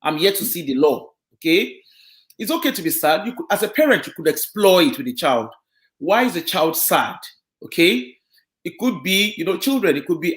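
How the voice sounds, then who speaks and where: A man with a high and very lively voice talks parents through an idea, often stopping to check that they follow him. He works with children and families, and the recording sits in an echoey room. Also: moderate pace. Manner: explanatory, checks in with listeners. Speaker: children and family social worker. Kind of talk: community talk on parenting.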